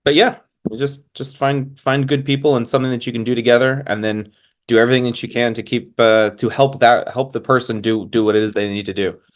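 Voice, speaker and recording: An easygoing man hosting a podcast interview. His voice sits in an ordinary middle pitch, and his speech is relaxed and agreeable, with thoughts that often trail off. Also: fairly quick. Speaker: podcast host. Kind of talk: casual conversation.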